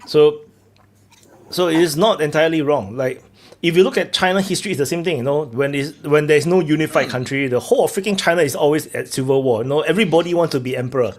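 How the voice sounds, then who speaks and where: Male host, a bit high-pitched, rambling with lots of fillers on an online call. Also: fast talker. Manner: rambling, many fillers and restarts. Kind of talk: live online debate chat.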